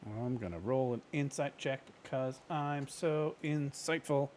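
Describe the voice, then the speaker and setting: A man's voice: mid-range voice, unhurried, a little mellow, slight background noise. A man playing a tabletop game, talking in a playful, hesitant, joking way. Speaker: player. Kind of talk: casual tabletop play.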